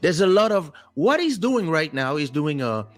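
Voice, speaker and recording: A man hosting a casual talk show, telling stories in an animated way and acting out quotes, with a French-speaking background. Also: a little high, moderate pace, soft background music. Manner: animated storyteller, acts out quotes. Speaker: host.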